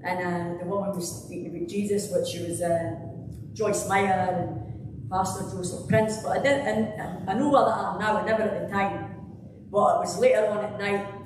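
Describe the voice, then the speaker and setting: A woman's voice: lowish voice, background noise. A Scottish woman giving a rambling, conversational church testimony, full of fillers and restarts. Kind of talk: personal testimony in a church service. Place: church hall. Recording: echoey hall, distant mic.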